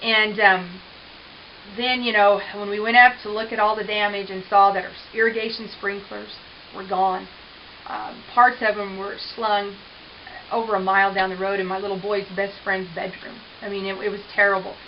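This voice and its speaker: A woman's voice: mid-range voice, little pitch movement. Earnest woman rancher, dull hissy tape. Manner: earnest, emotional, halting with restarts. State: tearful at times. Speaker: interviewee. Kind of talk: personal testimony interview.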